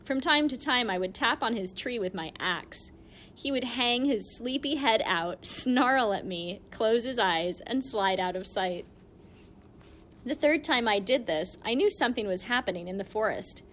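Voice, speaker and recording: A woman narrating an audiobook in the first person, telling the story in an animated, expressive way. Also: on the high side, measured pace, slight background noise.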